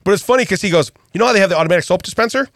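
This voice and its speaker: A man's voice: high voice, very fast, vocal fry, no room sound, studio quality. A middle-aged man co-hosting a podcast, telling a family story in casual chat, laughing often and acting out what people said. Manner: animated storyteller, laughs often, acts out quotes. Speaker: podcast co-host.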